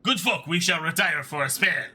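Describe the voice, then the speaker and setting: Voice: medium pitch, expressive, normal speed, pushed and bright, a little hiss or hum. A streamer doing a pompous knight with a put-on French accent. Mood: grandiose. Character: pompous knight, flowery and gallant. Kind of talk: reading game dialogue aloud.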